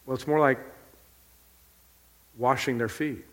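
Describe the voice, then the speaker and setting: Animated preacher in an echoing hall. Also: male voice, mid-range voice, slow. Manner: animated, emphatic storytelling. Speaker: pastor. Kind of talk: sermon. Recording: long hall reverb.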